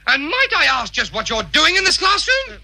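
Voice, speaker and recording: A stammering, flustered schoolteacher. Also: male voice, extremely high pitch, huge pitch swings, normal speed, sharp tone, no room sound, full character voice. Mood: exasperated. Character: flustered, pompous male schoolteacher, easily rattled. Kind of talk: 1940s radio comedy acting.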